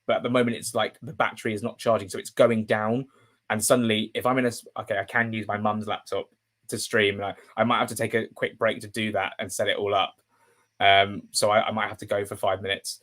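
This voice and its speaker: A young man, a football journalist chatting casually on a live stream, rambling with fillers and restarts and breaking into emotional, excitable bursts. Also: lowish voice, brisk.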